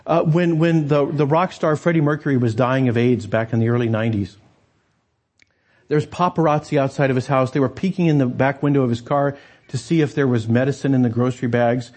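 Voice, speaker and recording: A man's voice: mid-range voice, brisk, a little mellow. A man preaching a sermon as pastor, talking conversationally and turning to the congregation with rhetorical asides.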